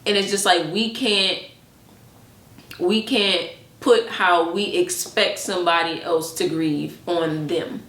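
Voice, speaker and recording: A woman co-hosting a podcast in casual chat, talking fast with many filler words. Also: on the low side, echoey room. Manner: chatty, many "like" fillers, animated quoted asides. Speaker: podcast co-host.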